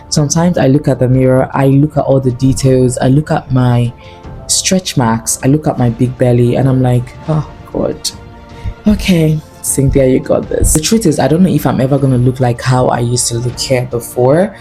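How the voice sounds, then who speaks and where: Young woman, low mellow voice, earnest confiding vlog delivery, faint music behind. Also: moderate pace. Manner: earnest and confiding, with animated asides. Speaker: lifestyle vlogger. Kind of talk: candid talking-to-camera vlog.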